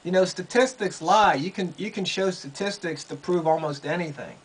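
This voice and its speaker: A man's voice: high voice, moderate pace, a little hiss or hum, low-quality recording. A man giving casual political commentary, sarcastic and incredulous, often repeating himself. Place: quiet room under a roof in rain.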